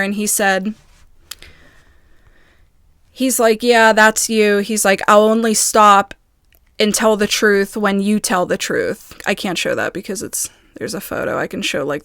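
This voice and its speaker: A woman vlogger in a casual video, reading messages aloud in quick bursts and breaking off in agitated, halting asides. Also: medium pitch, dry recording, studio quality. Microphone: phone.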